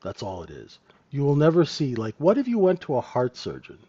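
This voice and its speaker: A man's mid-range voice swoops wildly in pitch, brisk, dark-toned, and slightly rough, in lo-fi sound. As host of a live trading room, he discusses the market conversationally, frequently checking in with listeners using repeated tag questions and chuckling asides.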